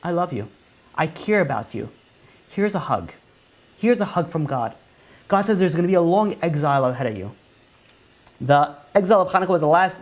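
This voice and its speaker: A man preaching a conversational sermon as a rabbi. He leans on rhetorical questions and often repeats and restarts his phrases as he talks things through. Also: a little high.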